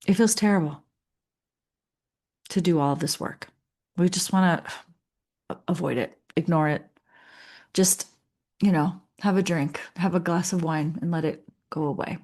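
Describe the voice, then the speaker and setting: Unhurried and full of long pauses, a middle-aged woman with a slightly low, darkish voice leads a coaching session. The leadership coach is earnest and chatty, voicing her clients as she goes.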